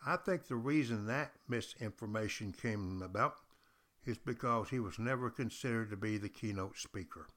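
A man's voice: lowish voice, moderate pace, a bit bright. Emphatic man teaching history. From Texas. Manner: emphatic storyteller who repeats key phrases. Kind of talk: podcast history lecture.

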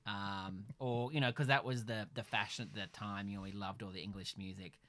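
A man's voice: on the low side, fairly even intonation, fairly quick, a bit bright. Middle-aged Australian male podcast co-host, wry and meandering. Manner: dry, wry and rambling, with many fillers. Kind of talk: casual chat. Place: a house in the evening.

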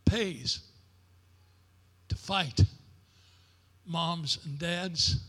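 High, bright-voiced preacher in an echoing hall. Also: male voice, extremely slow, breathy edge. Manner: preacher's cadence, building to shouted declarations. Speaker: pastor. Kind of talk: sermon. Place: church sanctuary.

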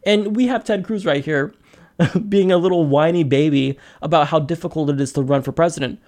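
Sarcastic, lively podcast host, a man. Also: fairly high pitch. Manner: animated and sarcastic, with quick asides. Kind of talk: casual political commentary.

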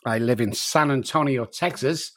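A man's voice: mid-range voice, moderate pace, fairly bright tone. Earnest man with Manchester accent. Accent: Manchester English. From Manchester, England. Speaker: addiction doctor, guest. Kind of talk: interview answers.

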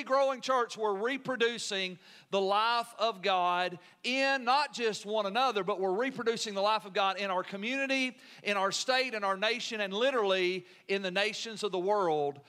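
A man's voice: high-pitched, pushed and bright. A male pastor preaching a sermon in an earnest, emphatic way, often asking the congregation questions.

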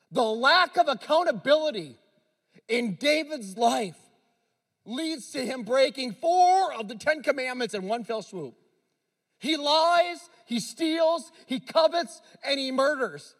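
A man preaching a sermon as a pastor. He retells a story conversationally, with direct asides to the audience, and swings between hushed and loud emphatic delivery. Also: extremely high pitch, lively intonation, slow, in a large hall.

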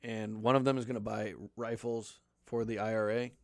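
A man's voice: lowish voice, moderate pace, creaky, no echo, studio quality. A man retelling a film's plot in a casual chat, swearing freely and acting out lines from it. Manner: profane, animated storytelling with acted-out quotes. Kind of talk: casual movie recap chat.

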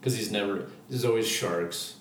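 A man's voice: fairly low pitch, normal speed. A man co-hosting a casual podcast chat, cracking jokes. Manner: joking interjections. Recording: echoey, distant, noisy.

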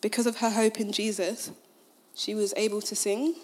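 A woman's voice: medium pitch, little pitch movement, moderate pace, a little mellow. A young woman giving a casual sermon. She is conversational, uses many fillers, and retells scripture in modern slang. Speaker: speaker at a Christian gathering.

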